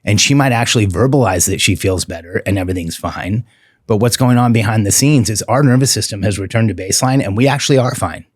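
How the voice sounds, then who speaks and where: A middle-aged man, a relationship coach, talking candidly as a podcast guest, earnest and heartfelt, slowing down to lean on key words. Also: lowish voice, breathy edge, dry recording, studio quality. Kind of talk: candid interview talk.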